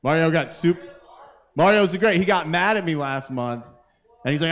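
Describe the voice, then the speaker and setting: A man's voice: fairly high pitch, expressive, normal speed, fairly bright tone. A man hosting a live open mic, doing rambling, self-interrupting crude stand-up to the crowd at a kava bar. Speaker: comedian and open mic host.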